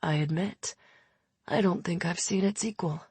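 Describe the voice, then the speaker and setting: A woman's voice: fairly low pitch, moderate pace, a little mellow, breathy edge, no room sound. A woman voicing an arrogant young male faerie king in an audiobook, with a lazy, amused drawl. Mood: languid. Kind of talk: audiobook character voice.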